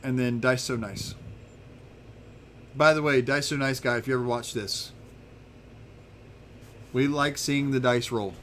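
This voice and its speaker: A man running a tabletop game as game master, narrating in a relaxed, rambling way with many restarts. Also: medium pitch, unhurried, pauses often, slight background noise.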